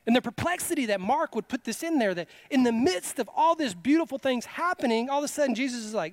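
A male pastor preaching a sermon, animated and casual, moving between loud urgent preaching and quiet conversational asides. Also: very high voice, quick pace, few pauses. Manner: casual storytelling with quoted exclamations.

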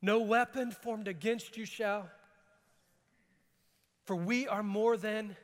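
A man preaching a sermon, animated and quick to laugh, reading scripture aloud in a calmer tone. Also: sits high. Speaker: pastor. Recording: long hall reverb.

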